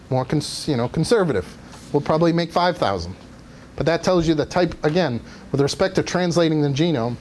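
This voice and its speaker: A man's voice: fairly high pitch, a little mellow. A man giving a university guest lecture, explaining methods step by step and now and then asking the audience questions. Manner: explanatory, asks audience questions, some fillers. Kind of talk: academic lecture. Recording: faint background noise.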